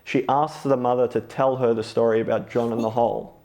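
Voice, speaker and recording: A thoughtful man at an ordinary pitch co-hosts a film discussion. He picks apart themes analytically and often restarts his sentences as he works through ideas. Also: flat delivery, fairly quick, a little mellow. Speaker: podcast co-host.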